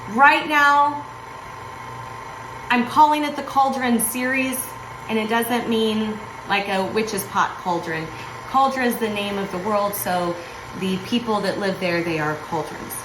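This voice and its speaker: A woman's voice: high voice, echoey room, noisy background. A middle-aged woman, a home cook and author, chatting casually and self-deprecatingly to the camera as she cooks in her home kitchen. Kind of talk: casual cooking vlog.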